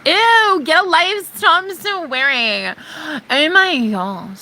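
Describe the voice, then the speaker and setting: A woman voicing a prissy, whiny female chat viewer who nags and scolds in a shrill, mock-outraged way. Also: lively intonation, drawn-out words, sharp tone, slight background noise, full character voice. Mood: scolding.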